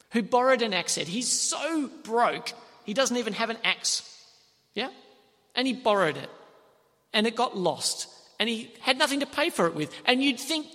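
Man, preacher, high bright voice, lively storytelling sermon, long hall reverb. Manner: animated storytelling, acting out characters' lines.

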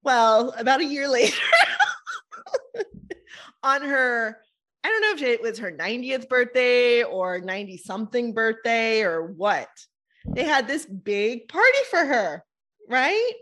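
A woman hosting a podcast, telling stories in an animated, casual way with frequent fillers and laughter. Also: fairly high pitch, unhurried, pauses often. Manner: animated storyteller, laughs often, many fillers. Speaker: podcast host. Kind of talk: casual chat.

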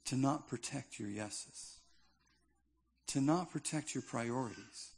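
A man's voice: mid-range voice, slow, a little mellow, husky. A male pastor preaching a sermon in a conversational, emphatic style with touches of humor.

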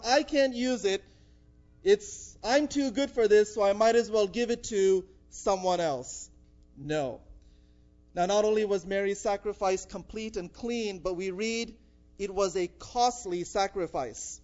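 A man delivers a sermon in a high, light voice, speaking conversationally with frequent filler sounds. The recording is dull and lo-fi, missing its upper clarity. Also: measured pace, darkish tone, faint music behind. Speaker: pastor.

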